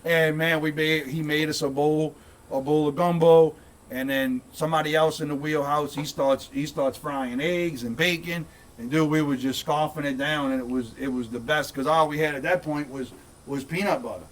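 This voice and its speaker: A man's voice: on the high side, fairly even intonation, moderate pace, far from the mic. A middle-aged man, telling a long story in a casual, rambling way with lots of repeated words. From St. Bernard Parish, Louisiana. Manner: rambling, repeats words, says "dude" often. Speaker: guest, content creator.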